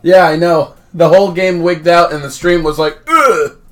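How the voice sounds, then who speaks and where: A game streamer chatting casually and reading a visual novel aloud, joking, quick to laugh and often breaking off mid-line. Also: mid-range voice, level tone.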